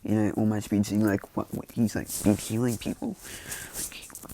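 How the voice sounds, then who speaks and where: A man's voice: fairly low pitch, little pitch movement, moderate pace, vocal fry, warm tone. A man casually retelling a fan-made story in a loose, rambling way full of fillers.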